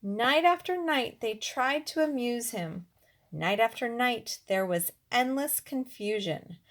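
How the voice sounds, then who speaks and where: A woman reading a rhyming children's storybook aloud. Her delivery is slow and unhurried, with a lively, sing-song rise and fall that keeps the rhythm of the verses. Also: fairly high pitch. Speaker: reader.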